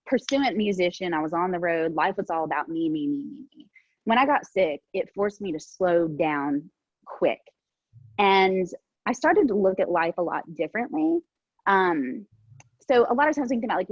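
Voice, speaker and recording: An earnest woman in her forties talks over a video call with a husky, slightly breathy voice. The sound is dry and dull, like lo-fi call audio. She often laughs lightly and fills her pauses with ums. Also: fairly low pitch, no room sound. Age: 40s. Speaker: panelist. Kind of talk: casual video call discussion.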